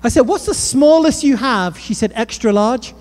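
This British preacher has a very high voice and keeps a moderate pace. His sermon is lively storytelling, full of humor and asides aimed directly at the crowd, and it echoes with the long reverb of a large hall.

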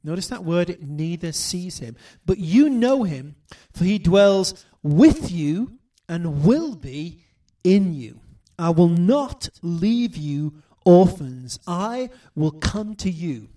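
A man preaching a sermon, reading scripture slowly and deliberately, swinging between loud declarations and soft hushed asides. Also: high voice, sing-song, far from the mic.

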